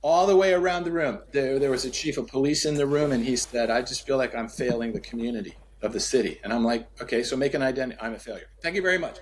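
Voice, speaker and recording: A man telling a story as a podcast guest, acting out the dialogue with sweeping pitch and repeating key phrases for emphasis. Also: fast talker, few pauses, a little mellow, a little hiss or hum. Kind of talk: storytelling in conversation.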